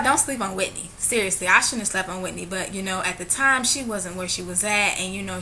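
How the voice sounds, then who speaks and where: A woman talking straight to camera in a casual vlog, gushing and excitable, drifting into preachy church talk. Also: medium pitch, a little hiss or hum. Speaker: vlogger.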